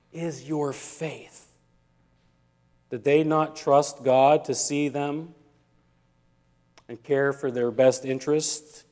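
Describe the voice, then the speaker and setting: A man's voice: mid-range voice, darkish tone. A male pastor preaching a sermon in a church, telling a humorous story and acting out the dialogue. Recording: long reverb of a church hall.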